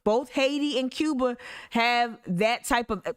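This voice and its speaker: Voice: mid-range voice, measured pace, clean tone, no room sound, studio quality. An activist commentator, reacting to news clips in emphatic casual talk, often restarting sentences. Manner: emphatic, with many restarts and asides.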